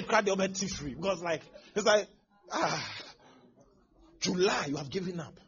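A man preaching a sermon as pastor, swinging from hushed asides to shouting. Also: high voice, animated, moderate pace, breathy edge. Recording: dull lo-fi sermon recording.

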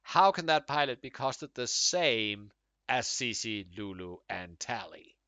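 A man putting on the voice of a passionate, worked-up man who rants and calls everyone to take up pitchforks. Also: very animated, slow, sharp tone, no echo, exaggerated voice. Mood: indignant. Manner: passionate, rising indignation. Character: fired-up adult man ranting, calling folks to arms.

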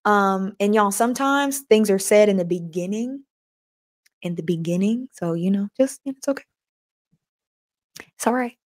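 Woman, podcast host, casual live-stream chat, reads comments, mid pitch. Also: moderate pace. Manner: chatty, addresses listeners as y'all, reads comments aloud.

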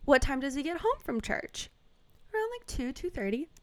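A young woman in casual chat, telling a story with animated acted-out quotes. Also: sits high, moderate pace.

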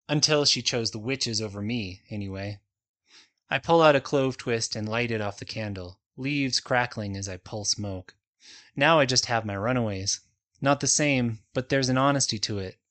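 A man narrating a first-person fantasy novel in a measured, softly dramatic reading. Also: mid-range voice. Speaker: audiobook narrator.

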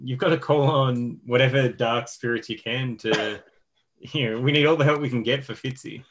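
A man's voice: medium pitch, fairly bright tone. Easygoing man on a podcast. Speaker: fantasy league commissioner. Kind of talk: casual chat.

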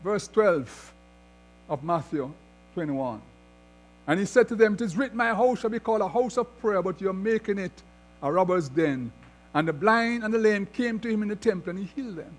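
A high-pitched male pastor delivering a sermon. He reads scripture passages and then explains them, building his emphasis as he goes. A low electrical hum runs underneath the recording. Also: expressive, normal speed, faint music behind.

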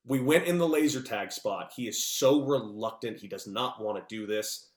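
A man, a former baseball player, telling lively stories as a podcast guest over a remote call. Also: lowish voice, moderate pace, reverberant. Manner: animated, lively storyteller with big outbursts. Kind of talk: casual storytelling.

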